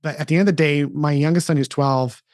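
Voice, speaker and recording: A middle-aged man talks in an earnest, storytelling way, his voice sitting a bit high for a man. He often backs up and restarts his sentences. The sound is dry and close. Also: fairly even intonation, quick pace, no room sound. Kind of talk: casual interview chat.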